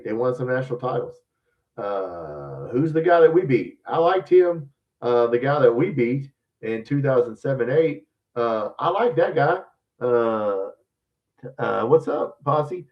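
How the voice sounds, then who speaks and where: A male podcast host who lives in Louisiana delivers a casual sports rant full of blunt, profane, rambling opinions. His mid-range voice is recorded from a distance, with the highs cut off.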